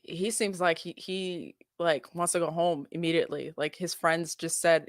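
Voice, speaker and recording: A woman's voice: fairly low pitch, steady tone, moderate pace, few pauses, no echo, clean studio sound. Giggly, chatty young woman streamer. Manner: giggly, chatty, full of filler "like". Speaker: streamer reacting to a video. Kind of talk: casual reaction stream.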